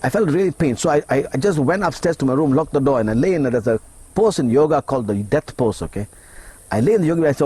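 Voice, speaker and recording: A middle-aged man from Malaysia, an interview guest recounting a personal story in an emotional, halting way, acting out his own thoughts. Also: a little high, expressive, warm tone, slightly rough.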